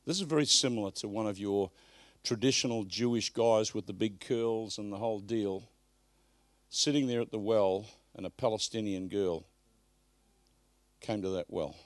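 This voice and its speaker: A man's voice: fairly low pitch, moderate pace, dry recording. Emphatic male preacher, dry close sound. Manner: emphatic, swings from loud bursts to hushed asides. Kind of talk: live sermon. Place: church service.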